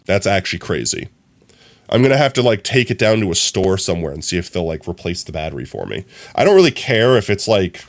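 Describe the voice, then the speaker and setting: A young man chatting casually on his live stream, telling stories in an animated, rambling way full of fillers. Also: sits low, fast. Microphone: streaming from a phone.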